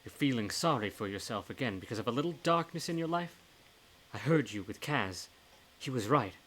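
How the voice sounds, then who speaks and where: A man's voice: medium pitch, animated, a little fast, a bit bright. Male reader doing a blunt, motherly old ghost lady, put-on accent, horror audiobook. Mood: scolding. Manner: put-on accent, scolding and teasing. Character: elderly woman ghost, warm, blunt, motherly. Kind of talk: live reading of a horror novel.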